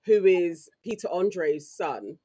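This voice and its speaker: A woman with a London accent, co-hosting a podcast and telling stories in a lively, slangy way. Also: fairly low pitch, slow, husky. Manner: animated, slangy storytelling. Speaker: podcast co-host. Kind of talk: casual chat.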